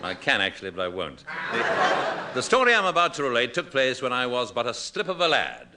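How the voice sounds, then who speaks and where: Wry comedy host, deadpan delivery, animated intonation, noisy vintage radio tape. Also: male voice, medium pitch, a little fast. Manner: droll, deadpan wordplay. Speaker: comedy show host and narrator.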